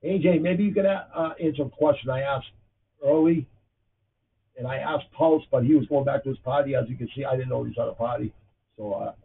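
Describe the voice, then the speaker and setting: Gravelly Boston man, tinny audio. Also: mid-range voice, distant mic. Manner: blunt, profane, rambling. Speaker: podcast host. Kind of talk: casual livestream chat. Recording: tinny phone-like audio with faint noise.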